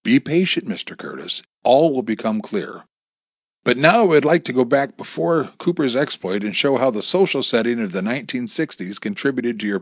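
A man reading a story, voicing an older federal agent who speaks formally and with measured authority. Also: mid-range voice, husky, no echo.

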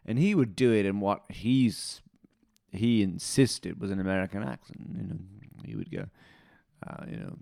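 A man, playing a dialect coach as a comedy guest, who rambles deadpan and bursts into loud silly voices. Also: fairly low pitch, normal speed, vocal fry, dry recording, studio quality. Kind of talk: deadpan comic interview.

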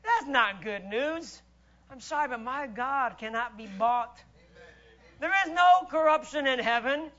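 Male preacher, very high bright voice, emphatic sermon, dull lo-fi church recording. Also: animated, a little slow. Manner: emphatic, rhetorical, swings from loud to hushed.

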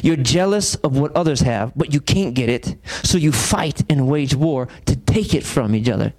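A man's voice: medium pitch, expressive, normal speed, a little mellow. A man, preaching a sermon as pastor and throwing rhetorical questions at his congregation. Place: church sanctuary.

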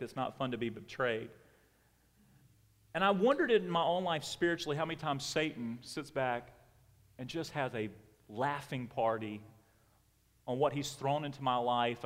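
A middle-aged man preaching a sermon as a pastor, telling a personal story in an animated way and acting out family members. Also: medium pitch. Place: church sanctuary. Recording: long reverb of a church hall.

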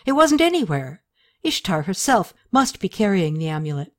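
A woman's voice: mid-range voice, very animated, normal speed, lightly acted. A woman reading the part of a proud, impatient queen who talks in a commanding way. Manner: commanding, exasperated.

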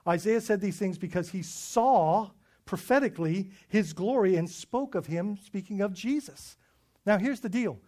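A man preaching a sermon, animated and emphatic, acting out scripture voices and often repeating words as he goes. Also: sits high, moderate pace. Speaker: pastor.

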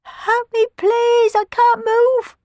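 Woman voicing a tiny terrified sweep boy, very high, slow, tearful and wailing. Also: level tone, warm tone, no echo, clean studio sound, full character voice. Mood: desperate. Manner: sobbing, wailing. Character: frightened eight-year-old boy chimney sweep.

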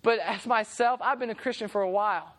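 A woman's voice: medium pitch, brisk. A young woman preaching a sermon, telling stories and acting out the voices in them. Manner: animated, acts out voices in stories. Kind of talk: sermon with storytelling.

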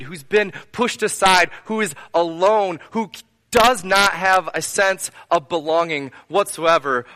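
A man's voice: high voice, bright, forceful tone. A man preaching a sermon to his congregation, earnest, building repeated phrases into lists and asking them direct questions. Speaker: pastor.

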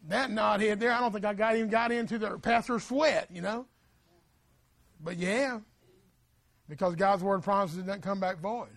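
Folksy male preacher, high-pitched voice, plain country speech, dry close recording. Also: fairly bright tone, dry recording. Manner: folksy, plain-spoken, repeats phrases. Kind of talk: sermon.

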